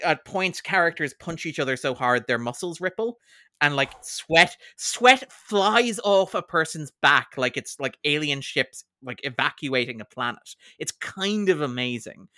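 A man co-hosting a podcast, his bright, sharp voice rising and falling a lot as he chats with enthusiasm. He laughs often and leans on fillers. The sound is dry and close, with no room echo. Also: on the high side, expressive, normal speed. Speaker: podcast co-host. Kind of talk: casual chat.

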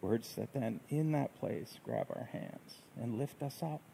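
Gentle gravelly-voiced preacher man. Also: medium pitch, big pitch swings, slight background noise, low-quality recording. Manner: gentle, reflective, unhurried phrasing. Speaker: pastor. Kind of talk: sermon.

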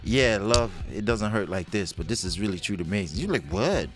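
A man's voice: on the low side, a little fast, music in the background. A man joking with his wife, telling comic stories and acting out quotes, often laughing. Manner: animated, laughing, acts out quotes. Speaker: vlog co-host with his wife. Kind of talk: comic storytelling chat.

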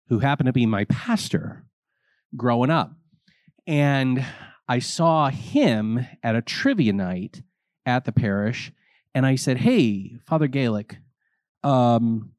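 A priest and vocations director telling his personal story in an interview, earnest and animated, acting out the people he quotes. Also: medium pitch, no echo, studio quality.

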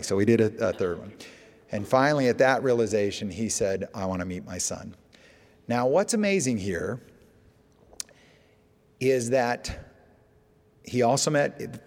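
A man's voice: lowish voice, gravelly, a little mellow. A man, a TV show producer, giving a storytelling presentation to an audience and acting out phone calls in quoted dialogue. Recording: echoey hall with long reverb.

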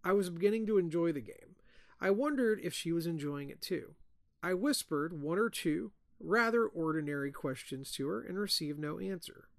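Male host reading a ghost story, slightly high voice, very dry close sound. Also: lively intonation, moderate pace, gravelly, no room sound. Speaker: podcast host.

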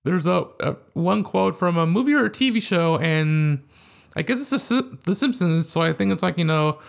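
A man's voice: on the high side, expressive, normal speed, vocal fry. A man co-hosting a podcast, chatting casually and hesitantly about movies. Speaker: podcast co-host. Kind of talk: casual chat.

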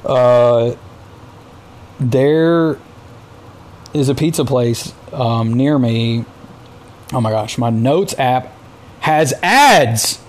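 A man's voice: mid-range voice, very slow, long pauses. A man from the United States hosting a casual solo podcast, telling rambling, exasperated stories with plenty of filler words. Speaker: podcast host.

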